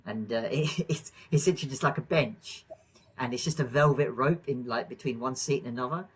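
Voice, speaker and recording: Man, husky voice, rambling podcast chat, lots of fillers. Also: mid-range voice, rough recording. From England. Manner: rambling, many fillers and restarts, quick to laugh. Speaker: podcast co-host. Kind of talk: casual chat.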